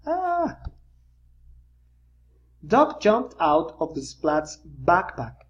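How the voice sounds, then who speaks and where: A reader reads a children's picture book aloud in a slow, animated way, stopping for little pointing asides. The sound is dull and lo-fi. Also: medium pitch. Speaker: storybook reader.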